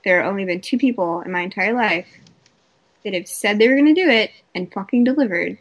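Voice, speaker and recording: A woman's voice: mid-range voice, brisk, lo-fi sound. A woman co-hosting a casual chat over a call, telling blunt, profane stories. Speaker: co-host.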